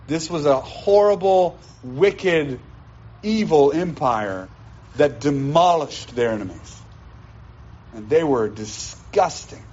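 A man's voice: on the high side, a little mellow, a little hiss or hum. A man preaching a sermon as pastor, emphatic and teaching, repeating his key points. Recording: dull lo-fi sound.

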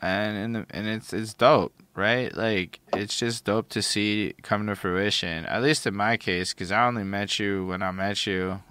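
A man's voice: on the low side, fairly even intonation, a little slow, hardly any pauses, pushed and bright. A man chatting casually as host, easygoing and encouraging, often agreeing. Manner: easygoing, affirming, says facts. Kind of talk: casual chat.

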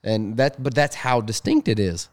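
A young adult man hosting a casual fishing podcast, rambling and repeating words, and getting animated when he tells a story. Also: fairly low pitch, normal speed, dry recording. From Sneads Ferry, North Carolina. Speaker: podcast host, fishing guide captain.

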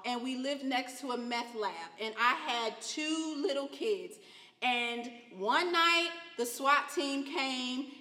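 Woman preacher, high bright voice, emotional testimony, recorded in a reverberant hall. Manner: emotional testimony, swells loud and high at key points. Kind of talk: sermon. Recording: echoey hall.

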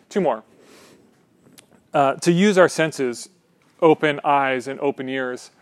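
A man's voice: mid-range voice, takes it slowly, long pauses, no room sound. A man preaching in a chatty manner. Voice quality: conversational, with many fillers and "right?" checks. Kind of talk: sermon.

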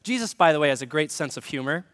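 A man's voice: on the high side, animated, fast, a bit bright, big-room sound. A man, a pastor, giving a conversational sermon with humor and direct questions to the congregation. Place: church sanctuary.

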